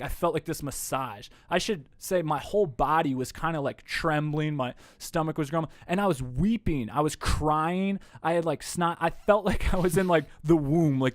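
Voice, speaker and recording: A man, a podcast guest, telling a story in a casual, animated way, swearing freely. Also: a little high, no room sound. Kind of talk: casual conversation. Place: indoor room.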